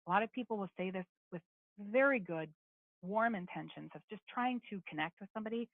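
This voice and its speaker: A woman's voice: fairly low pitch, lively intonation, brisk, no echo. A woman presenting a webinar on behavior after brain injury, speaking earnestly and steadily with frequent ums. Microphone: webinar call audio. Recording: tinny phone-line sound, dry.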